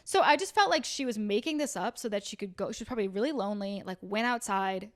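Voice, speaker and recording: A woman's voice: mid-range voice, animated, fast talker, dry recording, studio quality. A woman co-hosting a podcast, chatting casually and animatedly, swearing freely and filling her talk with "like". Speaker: podcast co-host. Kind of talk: casual chat. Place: New York City.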